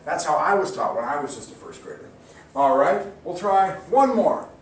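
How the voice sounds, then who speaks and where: A man giving an encouraging mock classroom lesson, slowly sounding out words for students. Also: fairly high pitch, lively intonation. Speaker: teacher. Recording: echoey room, distant mic, faint hiss.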